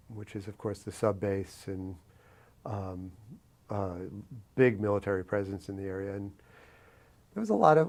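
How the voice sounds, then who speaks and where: Lower-voiced man recounting a story. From New York City. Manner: reflective, animated anecdotal telling with frequent fillers. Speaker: interviewee. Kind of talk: oral history storytelling.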